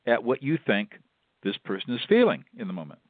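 A man's voice: medium pitch, big pitch swings, dry recording. An older man, a mediator and law professor, explaining step by step as a radio interview guest. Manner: measured, instructive, repeats himself. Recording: tinny phone line.

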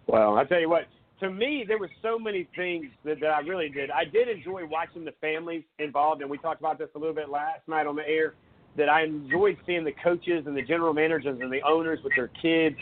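A man's voice: on the high side, brisk. A man hosting a radio show, chatting casually about football and asking questions. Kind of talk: casual sports talk. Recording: phone-like line with background noise.

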